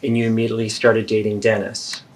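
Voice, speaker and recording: A man's voice: fairly low pitch, monotone, quick pace, lightly acted. Man playing an earnest adult daughter. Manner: earnest, pleading, persistent. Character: adult daughter confronting her mother. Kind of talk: therapeutic role-play.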